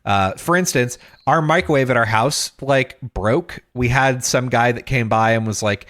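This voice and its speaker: A man's voice: medium pitch, expressive, normal speed, hardly any pauses, a bit bright. A man hosting a podcast, telling a long story in casual chat. He acts out the people he quotes, swears, and laughs as he goes. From Texas. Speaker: podcast host.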